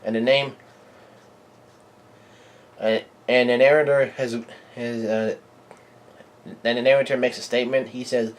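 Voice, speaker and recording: A man at a mid-range pitch, reading a comic chapter aloud as a live reaction. His delivery is halting, full of ums and restarts as he works through each panel. He speaks as the host of his own channel. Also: little pitch movement. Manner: halting, with frequent fillers and restarts.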